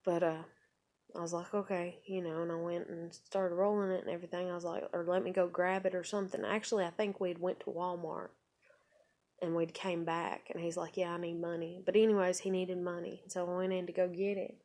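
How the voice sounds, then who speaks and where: A woman, telling a personal story in a rambling, profane vlog, dropping to quiet asides and rising to loud outbursts. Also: lowish voice, level tone, fairly quick. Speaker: vlogger.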